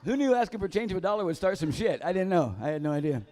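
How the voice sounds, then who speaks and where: A man's voice: high voice, lively intonation, very fast, mellow. A man doing a live stand-up set in a bar, telling profane stories casually and losing his train of thought. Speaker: stand-up comedian. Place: dive bar comedy room.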